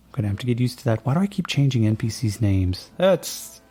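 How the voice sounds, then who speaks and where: A man's voice: mid-range voice, big pitch swings, brisk, dark tone, slightly rough, faint music behind. A man narrating as game master of a tabletop game, laid-back and rambling with lots of fillers.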